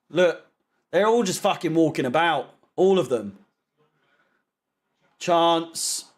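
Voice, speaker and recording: A young man doing live football watch-along commentary, ranting in frustration, swearing and sarcastic. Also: a little high. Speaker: fan channel co-host.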